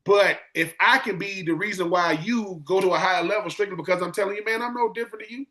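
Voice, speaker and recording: Bright high-voiced man. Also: fast. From Swainsboro, Georgia. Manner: animated storyteller, acts out quotes, repeats words. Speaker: podcast guest, former pro football player. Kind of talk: casual podcast chat.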